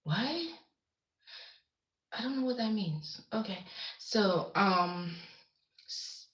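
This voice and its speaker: Slow-talking chatty woman streaming from home. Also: mid-range voice, a bit bright, reverberant, low-quality recording. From the Caribbean islands. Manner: rambling, chatty, reacts to viewer comments. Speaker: livestream host. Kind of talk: casual livestream chat. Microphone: webcam.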